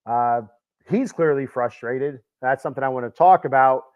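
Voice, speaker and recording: A man's voice: medium pitch, moderate pace. A man hosting a casual solo sports podcast, rambling and self-deprecating, with lots of fillers and restarts. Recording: dull lo-fi sound.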